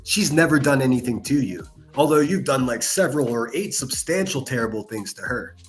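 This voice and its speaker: A man delivers angry reaction commentary in a scornful, profane rant. His pitch sits in an ordinary middle range. Faint music plays underneath. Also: animated, brisk. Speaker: commentary channel host.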